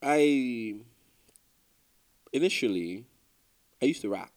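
A man with a Nigerian accent talks through an interview in a loose, rambling way, full of fillers and restarts. His voice is mellow and dark. He sounds relaxed. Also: medium pitch, slow. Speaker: musician guest. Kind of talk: casual interview chat.

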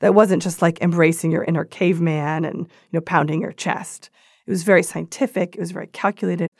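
Creaky-voiced woman explaining diet history. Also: fairly low pitch, steady tone, fairly quick, a little mellow, dry recording, studio quality. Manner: explanatory, conversational. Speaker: expert guest. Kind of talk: interview answers.

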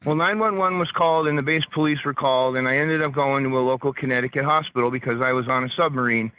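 A man calling in to tell a story about nearly dying, in a casual, animated way. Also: mid-range voice, fast talker, narrow, tinny audio. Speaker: caller.

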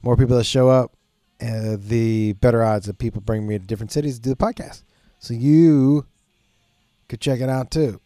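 A man's voice: medium pitch, normal speed, dark tone, no room sound, studio quality. A man hosting his podcast, rambling in a casual, profane, self-mocking way and often breaking into laughter. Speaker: podcast host.

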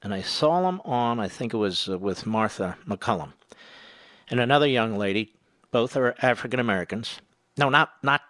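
A man's voice: lowish voice, fairly bright tone, dry recording. A man hosting a talk radio show, speaking emphatically and repeating words for stress.

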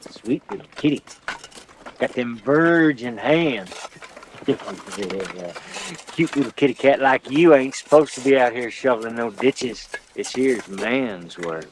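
A menacing convict thug drawls his taunts at a slow, deliberate pace. His voice sits in a mid range. Faint noise hangs behind the clip. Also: mid-range voice, lively intonation. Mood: leering. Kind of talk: film dialogue.

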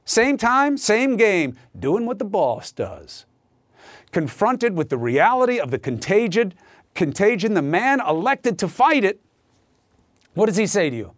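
A man's voice: high-pitched, very animated, normal speed, no room sound, clean studio sound. A man hosting a news show, delivering a heated, sarcastic opinion monologue.

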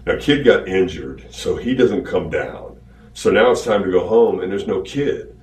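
Low-voiced guy rambling through an old ring story, roomy echo, sounds far off from the mic. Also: normal speed. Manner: rambling, animated retelling. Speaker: wrestler telling a story. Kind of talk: casual storytelling. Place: archived interview played on a podcast.

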